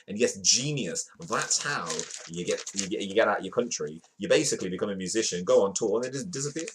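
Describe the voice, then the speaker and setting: A man's voice: on the low side, lively intonation, fairly quick, few pauses, a little hiss or hum. A man hosting a livestream, reading news headlines aloud in a casual, playful way and greeting chat viewers between stories. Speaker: livestream host. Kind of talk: casual news read-through with jokey asides.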